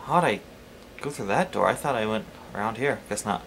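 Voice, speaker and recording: A man hosting a let's play, telling a story in a chatty, animated way over gameplay, swearing casually. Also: on the low side, brisk, a little hiss or hum. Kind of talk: casual gameplay commentary and anecdote.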